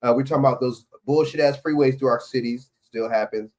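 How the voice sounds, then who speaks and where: A man at an ordinary middle pitch hosts a livestream and reacts to clips. He rants heatedly and swears freely. He often stumbles over fillers and restarts. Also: a little fast, a little mellow. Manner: profane, heated ranting with many fillers. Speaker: livestream host. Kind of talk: casual reaction commentary.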